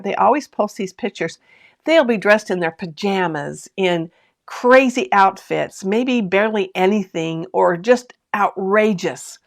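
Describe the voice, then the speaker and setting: A woman hosting a sewing live stream from home, chatting to viewers, reading out their comments and laughing often as she tells a story. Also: medium pitch. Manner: talks straight to viewers with lots of asides and questions. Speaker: sewing channel host.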